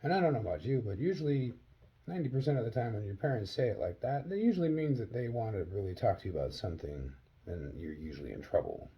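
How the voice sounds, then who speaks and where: A man from Wisconsin earnestly telling a personal story in a vlog, acting out the dialogue with sharp jumps up in pitch. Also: animated, quick pace, husky, muffled recording. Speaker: vlogger.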